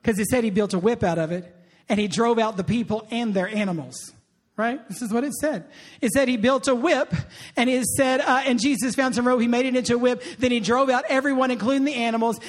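A man preaching a sermon, lively and conversational, tossing in call-and-response asides to the congregation. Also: extremely high pitch, fairly quick. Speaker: pastor.

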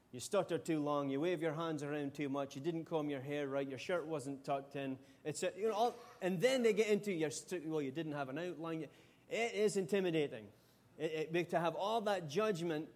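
A middle-aged Scottish man from Scotland, preaching a sermon with animated, humorous storytelling. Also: fairly high pitch. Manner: animated, humorous storytelling with sudden loud outbursts. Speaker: pastor.

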